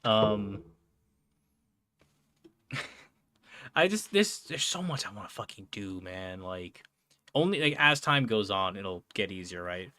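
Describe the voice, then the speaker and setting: A man's voice: on the low side, big pitch swings, slow pace, pauses often, bright, forceful tone, dry recording. A young man chatting casually on a live stream, rambling with lots of fillers, swearing and frequent laughs. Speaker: streamer and podcast host.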